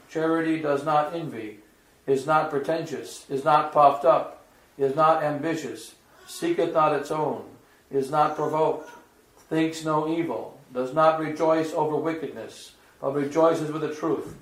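Man, priest, liturgical scripture reading, measured and declamatory, slightly high voice, roomy echo. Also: a little hiss or hum.

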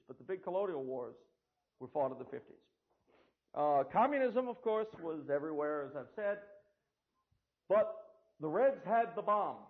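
An older man delivers a history lecture, slipping in sardonic, dry remarks. His voice sits a bit high and has a gravelly edge. The recording sounds thin and tinny, like a phone line. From United States. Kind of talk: lecture to an audience.

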